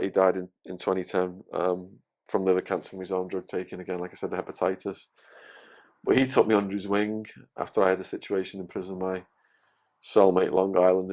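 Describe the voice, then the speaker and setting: A man telling his story as a podcast guest, animated and swearing freely. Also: deep voice.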